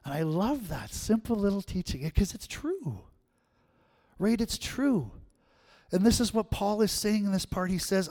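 A man's voice: sits high, big pitch swings, unhurried, mellow. A man preaching a sermon in a conversational way, often checking in with "right?". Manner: conversational, repeats "right?" to the congregation.

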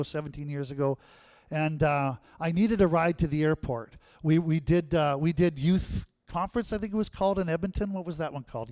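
Animated pastor telling a story. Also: male voice, no room sound. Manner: animated storyteller, acts out his own past quotes with rising pitch and loudness. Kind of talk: sermon with personal storytelling.

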